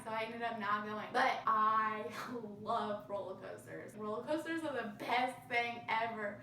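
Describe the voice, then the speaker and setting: A woman's voice: fairly high pitch, moderate pace, hardly any pauses, pushed and bright, distant mic. Chatty young woman, echoey room. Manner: chatty, frank, many "like"s, laughs often. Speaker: vlogger. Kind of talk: casual facts-about-me monologue.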